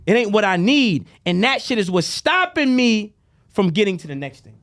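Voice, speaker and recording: Man, podcast guest, high voice, lively swings, preachy, profane, animated. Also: normal speed. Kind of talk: casual podcast conversation.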